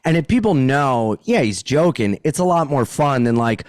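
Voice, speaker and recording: A man, a stand-up comic guesting on a podcast, talking in an animated, profane way and slipping into character voices. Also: medium pitch, normal speed, no echo, clean studio sound. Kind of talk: casual podcast chat.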